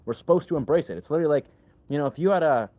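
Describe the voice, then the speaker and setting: A man chats casually on a livestream, rambling, answering his chat, and leaning heavily on the filler "like." He talks rapid-fire in a warm, fairly high-pitched voice, with no room sound.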